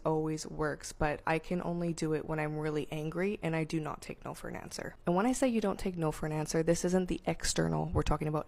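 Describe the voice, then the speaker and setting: Brief: low-pitched woman, fry in the voice, blunt swearing vlogger. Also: dark tone. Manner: blunt, emphatic, heavy swearing. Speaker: manifestation content creator. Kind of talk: casual direct-to-camera monologue.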